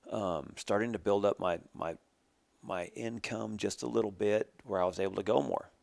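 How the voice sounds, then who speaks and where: A man's voice: deep voice, gravelly, no room sound. A middle-aged man from Oregon telling the story of his roping career in a casual, rambling way, full of restarts. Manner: rambling, restarts, plain country talk.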